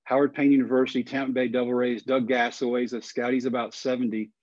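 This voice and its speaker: A man in his forties from Texas, a podcast guest telling a long personal story in a folksy, animated way and acting out the voices of the people in it. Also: medium pitch, fast talker, no room sound, dull audio.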